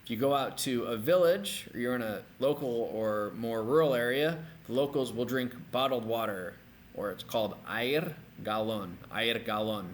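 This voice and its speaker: Man, middle-aged, language teacher, energetic, slow repetitions, medium pitch, faint background hiss. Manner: energetic, repeats words slowly for learners. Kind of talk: recorded video lesson.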